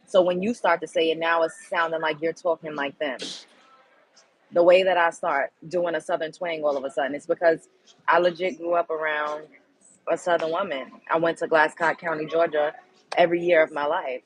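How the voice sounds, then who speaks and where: A woman's voice: sits low, fairly even intonation, moderate pace, slight background noise, rough recording. Candid, blunt woman telling a story. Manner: candid, emphatic, blunt, with swearing. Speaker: show host. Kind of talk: casual storytelling monologue.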